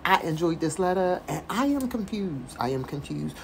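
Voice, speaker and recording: A woman with a lowish voice talks casually as she reads a letter to her viewers. She keeps stopping to comment, amused and exasperated, and a faint hiss sits under her speech. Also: big pitch swings, normal speed, gravelly, rough recording. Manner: laughing, exasperated, chatty asides. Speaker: online commentator reading a letter aloud. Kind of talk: casual commentary with dramatic reading.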